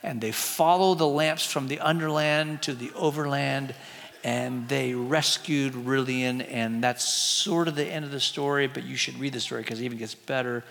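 A man's voice: mid-range voice, fairly even intonation, moderate pace, creaky, a bit bright, long reverb tail. A man retelling a storybook to a group, chatty and asking the listeners questions as he shows pictures. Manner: chatty, asks the audience questions. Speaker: teacher retelling a book.

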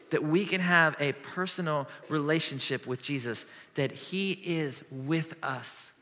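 A male pastor delivers a sermon in a large church hall, his bright, fairly high voice carrying a long reverb. He is animated and earnest, swinging from lively questions down to hushed, gentle passages.

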